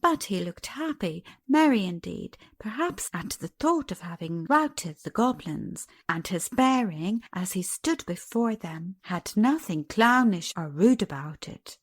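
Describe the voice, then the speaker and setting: Expressive woman reading a fairy tale aloud. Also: mid-range voice, measured pace, few pauses, slightly rough, no echo, clean studio sound. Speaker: audiobook narrator. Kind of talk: audiobook narration of a classic fairy tale.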